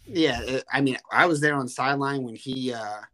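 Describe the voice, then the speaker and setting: A man's voice: medium pitch, fairly quick, a bit bright. A young man co-hosting a casual sports podcast, ranting heatedly and swearing freely. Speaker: podcast co-host.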